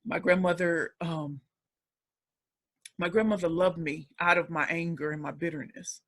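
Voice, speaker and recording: A woman's voice: on the low side, steady tone, normal speed. A woman in her forties from the St. Louis area, telling her life story as an emotional, emphatic interview guest. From St. Louis area, United States. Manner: emphatic and emotional, with many repeats. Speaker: guest, speaker.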